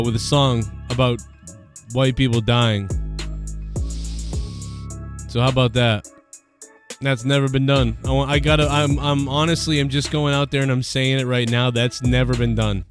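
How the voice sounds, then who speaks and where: A man's voice: mid-range voice, fairly even intonation, moderate pace, faint music behind. A man hosting his own show, rambling crudely and profanely in casual commentary. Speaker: show host. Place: Boston area.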